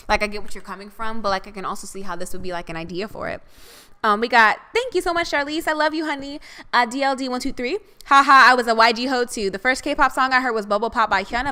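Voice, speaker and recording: A woman's voice: fairly high pitch, sharp tone. A young woman co-hosting a casual podcast, reading out viewer comments and chatting about them affectionately. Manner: chatty, affectionate, calls listeners "honey". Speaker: podcast co-host.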